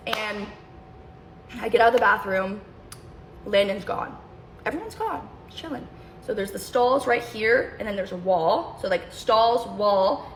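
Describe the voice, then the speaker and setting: A woman's voice: mid-range voice, slight background noise, poor audio. A young adult woman telling a personal story in a casual storytime, rambling and cutting herself off to jump between tangents. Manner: rambling, self-interrupting, jumps between tangents.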